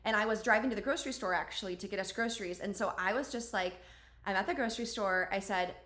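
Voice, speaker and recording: A woman podcast host talking casually, her speech full of filler words. Her voice sits at an ordinary middle pitch, and it carries a noticeable room echo. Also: a bit bright. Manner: chatty, many fillers like "like" and "um". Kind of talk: casual conversational storytelling.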